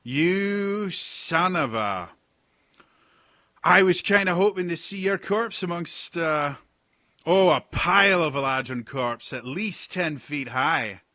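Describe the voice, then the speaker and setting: A man's voice: fairly high pitch, takes it slowly, no room sound, clean studio sound, voice pushed up. A man voicing a boisterous, blunt pirate captain in a tabletop game. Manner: loud, blunt, teasing.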